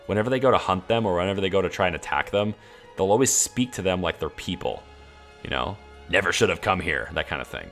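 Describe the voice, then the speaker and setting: A man streaming a game, casually walking through his mod list in a rambling, enthusiastic way with many fillers. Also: deep voice. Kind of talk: casual walkthrough of game mods.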